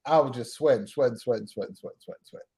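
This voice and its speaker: A man's voice: medium pitch, racing, dark tone. A man hosting a live stream, rambling through a self-mocking story and acting out the dialogue. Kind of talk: casual storytelling. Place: home.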